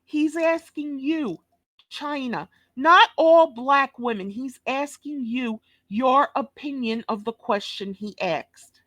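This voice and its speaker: A woman's voice: high-pitched, slow, fairly bright tone, no echo. A woman with a New York accent hosting a reaction video, delivering a blunt, cursing, scolding rant. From Brooklyn, New York. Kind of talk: profane reaction commentary.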